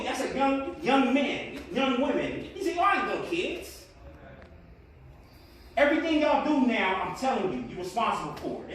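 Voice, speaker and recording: A man's voice: extremely high pitch, a bit bright, a little hiss or hum. A man speaking earnestly to a class of students as a motivational speaker, rising to emphatic peaks. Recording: very echoey room, distant mic.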